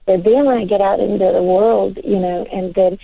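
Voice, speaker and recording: A woman's voice: mid-range voice, fairly even intonation, normal speed, gravelly, no echo. An older woman, a guest in an interview, chatting in a rambling way full of "you know". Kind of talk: casual interview chat. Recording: tinny phone-like line, dry.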